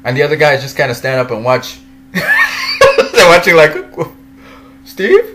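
A man's voice: on the high side, huge pitch swings, normal speed, sharp tone, a little hiss or hum. A man casually talking about superhero movies, laughing often and playfully putting on voices for the characters he recalls. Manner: laughs often, breaks into giggles between sentences. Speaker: movie commentator.

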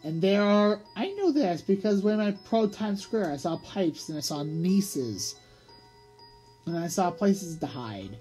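A storybook reader voicing Tucker, a nervous, excitable little city mouse who talks in a squeaky, whimpering way. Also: a little slow, slightly rough, faint music behind. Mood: anxious.

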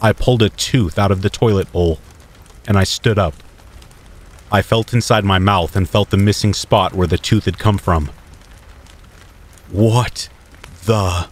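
A man reading a scripted first-person horror story in a steady, measured way. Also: low voice.

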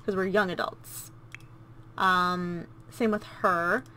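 A woman's voice: on the low side, steady tone, slow, sharp tone, slight background noise. A woman hosting a let's play, chatting casually and gushing as she comments on her gameplay. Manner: gushing and cooing, easily delighted.

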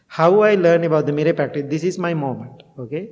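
A middle-aged Buddhist monk tells stories in a heartfelt dharma talk in a temple meditation hall, occasionally laughing at himself. He speaks a little fast and animatedly, his voice high and darkish, with long hall reverb around it.

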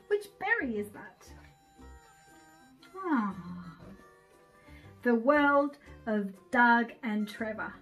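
Slow, sing-song woman reading to kids. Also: on the high side. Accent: Turkish. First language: Turkish. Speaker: children's storyteller. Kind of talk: children's read-aloud storytime.

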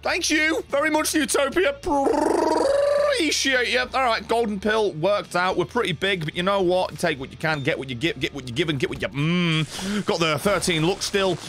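A man's voice: sits high, moderate pace, few pauses. A man commentating casually on a video game, joking and swearing a lot. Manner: swears a lot, jokey and excitable. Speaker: streamer. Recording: game music behind.

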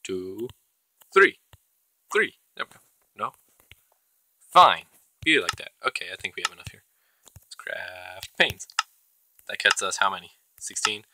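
A man's voice: low-pitched, very animated, unhurried, long pauses, bright, forceful tone, slight background noise, poor audio. A man hosting his own gaming channel, giving casual, chatty commentary as he plays and talking to the creatures in the game. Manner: chatty, talks to himself and the game mobs.

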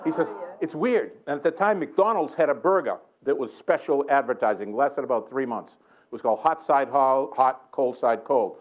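A man's voice: medium pitch, moderate pace. A man preaching a sermon in a church, telling a story with lots of chuckles and self-mocking humor. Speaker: guest preacher. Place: church sanctuary.

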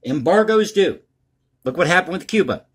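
Male commentary host with a high, husky voice, blunt and crass in his opinions. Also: expressive, moderate pace.

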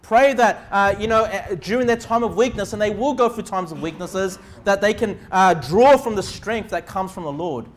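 A man's voice: high-pitched, normal speed, few pauses, a little hiss or hum. A male pastor preaching a sermon in an earnest way, often checking in with the congregation by asking "okay?".

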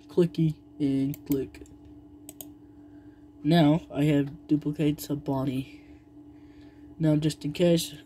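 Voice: mid-range voice, mellow, a little hiss or hum. A young narrator telling a toy play story, rambling and stalling with fillers and humming, indoors at home.

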